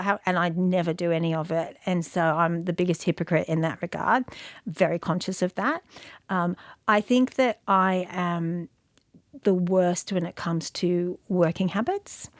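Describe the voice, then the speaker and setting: A woman's voice: on the low side, no room sound, studio quality. A middle-aged woman speaking as an interview guest, candid and self-deprecating, often restarting her thoughts as she reflects. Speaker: guest, media industry CEO.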